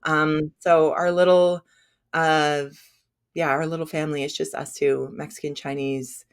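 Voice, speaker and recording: A woman's voice: deep voice, flat delivery, measured pace, clear, resonant tone. A woman whose first language is Spanish, chatting as a guest on a podcast in a self-deprecating, filler-heavy way. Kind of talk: casual podcast conversation.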